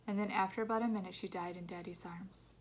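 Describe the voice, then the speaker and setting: A woman reads a children's novel aloud in a soft, intimate voice. She often sinks into a near-whisper. A faint hum of background noise sits under her voice. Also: mid-range voice, steady tone, racing. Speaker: read-aloud narrator. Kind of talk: storybook narration.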